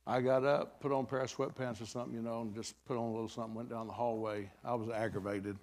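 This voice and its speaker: An older man preaching at a revival. He tells a folksy story in a relaxed, conversational way, now and then breaking into loud, dramatic bursts. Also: mid-range voice, quick pace. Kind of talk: storytelling sermon.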